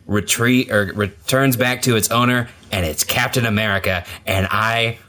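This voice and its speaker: Bright-voiced man telling a story animatedly. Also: lowish voice, normal speed. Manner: animated storytelling, acts out reactions. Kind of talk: casual chat.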